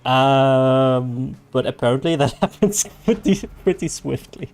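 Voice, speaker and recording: A native German speaker with a German accent chats casually with viewers while streaming a game, answering them aloud and frequently restarting. His mid-range voice is expressive and darkish in tone, at a measured pace, with faint music behind.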